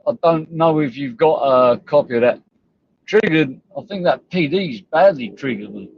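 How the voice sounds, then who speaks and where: A man's voice: medium pitch, animated, moderate pace, slightly rough, highs cut off. A man ranting on a livestream, sweary, confrontational and rambling. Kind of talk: livestream rant.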